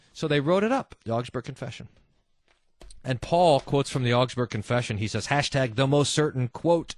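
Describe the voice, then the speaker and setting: A man hosting a casual religious talk show, reading listener quotes and mimicking people in quick asides. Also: medium pitch, no room sound, clean studio sound. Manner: animated, mimics voices in asides. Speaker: host.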